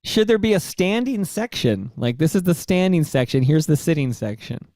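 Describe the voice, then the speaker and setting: Brief: Canadian man, easygoing sidekick co-host, slightly higher voice, dry close mic. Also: animated, moderate pace, a little mellow, dry recording. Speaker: podcast co-host. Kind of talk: casual chat.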